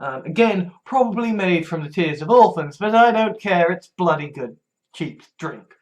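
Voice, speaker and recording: A man's voice: high voice, lively intonation, normal speed, lo-fi sound. A man in a casual rambling monologue, stumbling over restarts, swearing freely and laughing wryly at himself. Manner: wry, laughs often. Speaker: vlogger.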